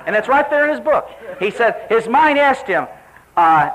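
A man preaching a sermon, telling a story in an animated way and acting out the voices he quotes. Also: moderate pace, rough recording. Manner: animated, acts out quoted voices with sharp pitch jumps.

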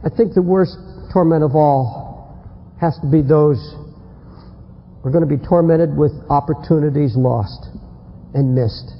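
A man preaching a fiery sermon, telling a story and acting out its people, swinging from shouts to hushed warnings. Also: fairly high pitch, measured pace, long pauses, husky. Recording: lo-fi recording in a reverberant hall.

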